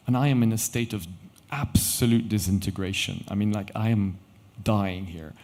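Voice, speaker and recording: A middle-aged man, a company founder, telling a story on stage with animated quoted dialogue. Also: lowish voice, normal speed, few pauses. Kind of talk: conference storytelling talk. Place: event stage.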